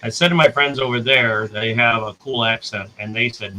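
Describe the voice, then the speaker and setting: American man, very bright voice, rambling casual stream chat, faint background hiss. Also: mid-range voice, moderate pace, hardly any pauses, rough recording. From United States. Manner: rambling, self-correcting, talks to chat.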